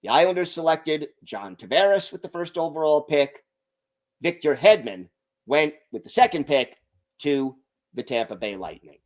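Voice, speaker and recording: A man hosting a hockey podcast, giving his opinions in an emphatic, deliberate way. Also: on the high side, very animated. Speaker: podcast host.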